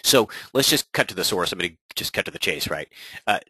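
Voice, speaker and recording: Forceful low-voiced male webinar coach. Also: brisk, slightly rough, dry recording, poor audio. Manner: energetic, repeats "right?" often. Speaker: real estate coach. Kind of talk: webinar presentation.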